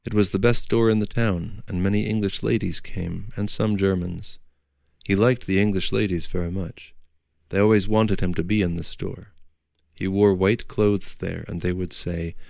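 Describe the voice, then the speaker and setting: A man narrating a literary audiobook in a measured storytelling manner. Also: deep voice, fairly even intonation, creaky, darkish tone, no echo, clean studio sound.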